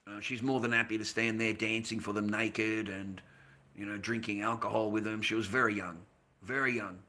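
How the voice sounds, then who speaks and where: An Australian man livestreaming, greeting chat and ranting in a rambling, heavily profane way, swinging between low mutters and loud outbursts. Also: steady tone, moderate pace. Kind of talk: casual ranting monologue.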